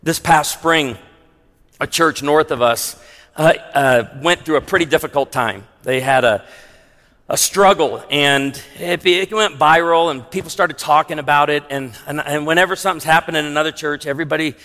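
A man preaching a sermon as a pastor, animated, moving between hushed emphasis and loud punchy lines. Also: a little high, moderate pace. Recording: long reverb of a large hall.

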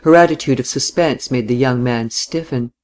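A male narrator reads a literary novel aloud at a middle pitch. His delivery is measured and even. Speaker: audiobook narrator. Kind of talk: scripted narration.

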